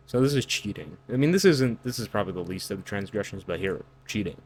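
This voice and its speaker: Lecturing low-voiced man reacting to lyrics. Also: expressive, quick pace, few pauses, a little hiss or hum. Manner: incredulous, lecturing, lots of fillers. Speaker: online commentator. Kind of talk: reaction commentary on song lyrics.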